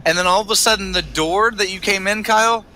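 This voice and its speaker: A man's voice: sits high, a little fast, bright, forceful tone, slight background noise. A man running a tabletop game as game master, narrating with many hesitations. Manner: hesitant, lots of uh, laughs often.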